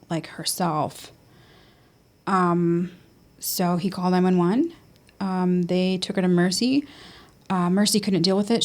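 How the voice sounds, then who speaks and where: A woman's voice: mid-range voice, a little mellow. A woman casually telling a personal story in conversation, full of ums, casual swearing and nervous laughs. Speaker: podcast host.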